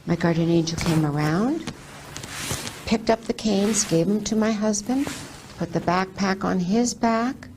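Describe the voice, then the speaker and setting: Older woman recounting a testimony slowly, voices her quotes with energy, faint hiss behind. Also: mid-range voice. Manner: animated retelling with lively quoted speech. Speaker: testimony speaker. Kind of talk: personal testimony storytelling.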